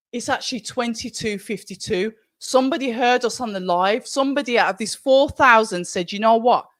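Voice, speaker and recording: A woman hosting a live fight watch-along stream, chatty and excitable, talking straight to her viewers. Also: a little high, no room sound. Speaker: livestream watch-along host.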